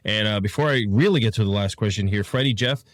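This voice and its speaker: A man, the show's producer, reading out listener questions in a friendly, somewhat halting way. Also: on the low side, no room sound, studio quality. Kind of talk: reading questions in casual chat.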